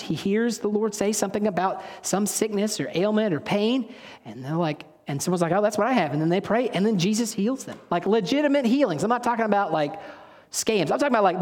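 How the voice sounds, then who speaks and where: A man's voice: high voice, darkish tone. A man preaching a sermon in a casual, storytelling way, often stopping to correct himself. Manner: conversational, storytelling, self-correcting. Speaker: pastor. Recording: long reverb of a hall.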